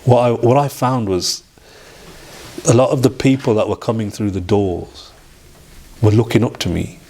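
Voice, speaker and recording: A middle-aged man, an interview guest telling a personal story in a halting way, with restarts and acted-out quoted dialogue. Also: fairly low pitch, steady tone, mellow, slightly rough.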